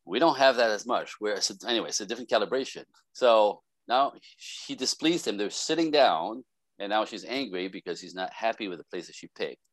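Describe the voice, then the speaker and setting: In a relaxed podcast conversation, a male relationship expert speaks briskly in a lowish voice, and the recording is dry. He tells lively stories, performing the voices of the people he quotes.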